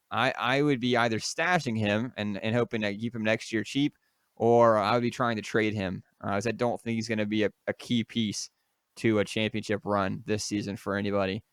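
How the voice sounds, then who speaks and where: Smooth-voiced man on a sports podcast. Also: fairly low pitch, fairly bright tone, dry recording, clean studio sound. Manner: jokey, loose, lots of fillers and restarts. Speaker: podcast co-host. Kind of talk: casual sports podcast chat.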